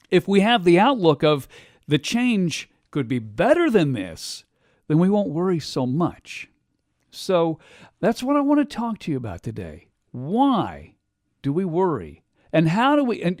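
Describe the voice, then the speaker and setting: A man hosting a radio talk show, delivering an animated monologue and acting out quotes in other voices. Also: sits high, no echo, clean studio sound. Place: radio studio.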